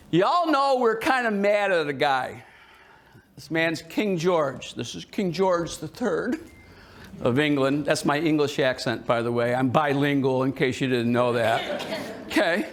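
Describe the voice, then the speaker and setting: A man giving a history talk to a live audience in a museum, joking and quizzing the listeners as he goes. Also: fairly high pitch. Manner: jokey and animated, quizzing the audience. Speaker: history presenter. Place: indoor museum hall with an audience.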